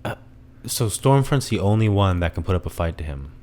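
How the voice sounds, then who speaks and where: A young man co-hosting a podcast, chatting in a relaxed way and quick to offer opinions. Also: deep voice. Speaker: podcast co-host. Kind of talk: casual chat.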